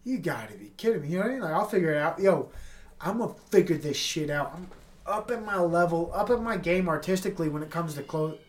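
A man's voice: a little high, animated, brisk. A man with a stuffy nose hosting a casual solo podcast from his apartment, rambling and swearing in a laid-back way. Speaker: podcast host. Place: apartment with tenants upstairs.

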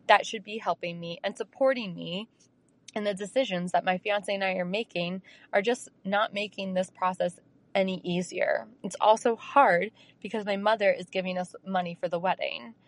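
A woman's voice: medium pitch, steady tone, moderate pace. Brief: earnest woman in her thirties, listener message, a bit stressed. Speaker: listener sending a question.

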